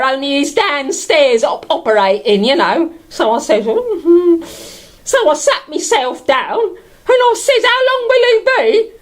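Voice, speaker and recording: Woman doing a bawdy bag lady, very high voice, giggly, rambling, sing-song. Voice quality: giggly, often laughing through her words. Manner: bawdy, gossipy, rambling with lots of fillers. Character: bawdy homeless London bag lady, cheeky and chatty. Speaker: comedy character monologue. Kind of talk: character stand-up storytelling.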